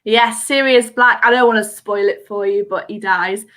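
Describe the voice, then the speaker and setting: A woman's voice: mid-range voice, steady tone, normal speed, a bit bright. A woman hosting a live online quiz from home, chatty and giggly, reading out answers in a sing-song lilt over a video call mic. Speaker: quiz host.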